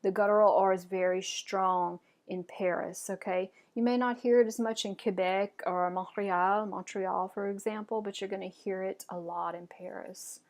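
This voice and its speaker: A woman teaching French pronunciation, modelling words clearly and encouraging learners to repeat after her. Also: medium pitch, steady tone, moderate pace, few pauses, a little mellow. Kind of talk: pronunciation lesson.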